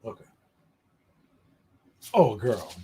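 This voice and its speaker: A man hosting a casual livestream gossip show, animated and camp, chatting directly to his viewers. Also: fairly low pitch, extremely slow, slight background noise. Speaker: show host.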